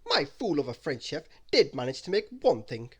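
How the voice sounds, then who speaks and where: A man voicing a pompous, giggly storybook hotel owner who speaks loudly. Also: on the high side, sing-song, moderate pace, husky. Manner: loud, giggling.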